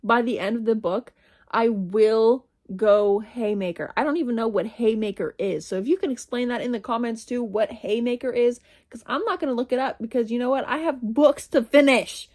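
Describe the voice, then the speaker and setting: A woman's voice: fairly high pitch, moderate pace, a little mellow. Chatty young woman rambling to camera. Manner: rambling, self-interrupting, laughs at herself. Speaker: reading vlogger. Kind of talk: casual chatty monologue.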